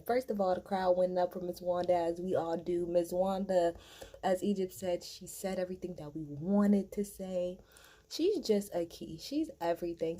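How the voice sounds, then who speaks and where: A woman hosting a casual reaction video, recapping a reunion show bluntly and acting out what people said. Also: on the low side. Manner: animated, blunt, swears freely, acts out quotes.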